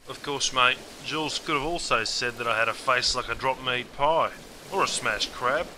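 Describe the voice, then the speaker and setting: A man's voice: mid-range voice, moderate pace, pushed and bright. An Australian man from Australia giving a scripted, humorous slang lesson in a laid-back, cheeky way, in a noisy recording. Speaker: English teacher.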